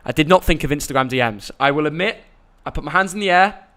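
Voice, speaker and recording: A man's voice: a little high, expressive, fast, pushed and bright. A young man, hosting a casual live stream and chatting in a rambling, jokey way. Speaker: YouTube host.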